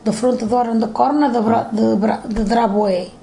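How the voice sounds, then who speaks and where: A woman's voice: fairly high pitch, normal speed, vocal fry, slight background noise, low-quality recording. An older woman with a Portuguese accent, telling her family history in broken English during an interview at home. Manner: broken English, animated storytelling with acted quotes.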